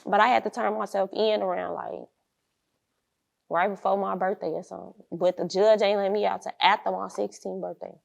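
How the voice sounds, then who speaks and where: A woman's voice: medium pitch, steady tone, fairly quick, creaky. A young woman, an interview guest, telling her life story bluntly in street slang and acting out the people she quotes.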